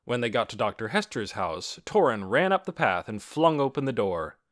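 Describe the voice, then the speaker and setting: Guy narrating a kids book, bright voice, pitch all over the place. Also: normal speed. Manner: expressive, animated reading. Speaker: audiobook narrator. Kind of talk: scripted storybook narration.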